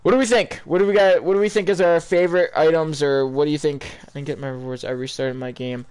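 A young man talks loosely over his gameplay, rambling from one thought to the next and turning to his viewers with questions. His voice is smooth and clear and sits a little high for a man. It sounds like relaxed, unscripted chat. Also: fairly quick. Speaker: gaming YouTuber. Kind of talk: casual gameplay commentary.

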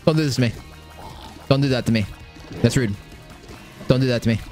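A young man giving casual live gameplay commentary, excitable and swearing often, repeating phrases under pressure. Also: medium pitch, brisk, faint music behind. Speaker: gaming streamer.

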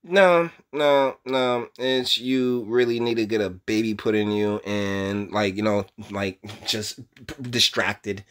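A man's voice: lowish voice, steady tone, takes it slowly, a bit bright, smooth. A man giving casual reaction commentary on a video, blunt and profane, mocking it and often laughing. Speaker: YouTube commentator.

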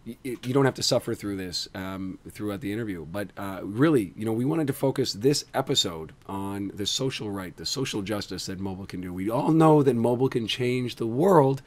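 A hoarse man hosting a tech show, bantering in an animated, self-deprecating way. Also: lowish voice, fairly quick, few pauses. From Canada. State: hoarse from screaming. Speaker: podcast host.

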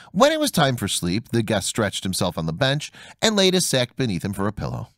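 A man narrating a fairy tale as an audiobook, reading with a very animated delivery and big pitch swings on the dialogue. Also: fairly quick, few pauses, no room sound, clean studio sound. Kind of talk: storybook narration.

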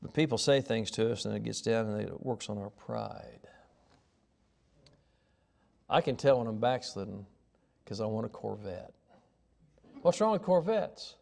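A middle-aged man preaching a sermon as pastor, in a folksy storytelling way that moves from quiet asides to raised, emphatic lines. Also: lowish voice, animated, measured pace, creaky, pauses often.

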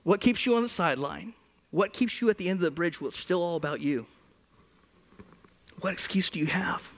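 A man in his forties, a pastor, preaching a humorous sermon with lively stories. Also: high-pitched, brisk. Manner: animated, humorous, storytelling. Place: church.

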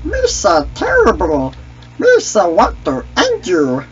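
A man's voice: very high voice, wildly swooping pitch, slow, highs cut off, voice pushed up, full character voice. A young man voicing a goofy, clumsy male alien sidekick in a squawky, cracked voice with broken grammar, taunting other players. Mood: mocking. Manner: taunting, trash-talking.

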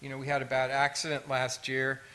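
Bright-voiced man telling stories. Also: medium pitch, a little fast. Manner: lively storytelling with humor. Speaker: fire artist and pyrotechnician. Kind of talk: symposium talk with stories. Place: museum auditorium.

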